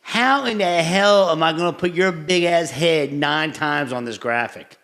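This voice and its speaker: A man's voice: fairly high pitch, measured pace, fairly bright tone. Blunt joking male host. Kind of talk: casual chat.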